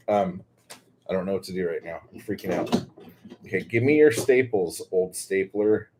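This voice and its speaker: A man unboxing a new stapler in a casual vlog, excitable and gushing, often breaking into exclamations. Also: low-pitched, normal speed, a little hiss or hum. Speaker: poet and chapbook maker.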